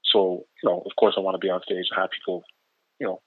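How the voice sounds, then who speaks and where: A Canadian man with a low voice and a relaxed Canadian accent talks loosely as a guest, with lots of fillers. He comes through a tinny, dry phone line. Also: fast talker, dry recording. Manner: easygoing, rambling with many fillers. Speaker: rapper guest. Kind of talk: casual interview over the phone.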